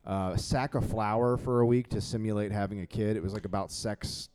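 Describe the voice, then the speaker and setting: A young man co-hosting a comedy podcast with his mother, teasing her with quick asides and frequent laughter. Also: lowish voice, fairly even intonation, a little mellow, smooth. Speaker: podcast co-host. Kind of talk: casual comedic chat.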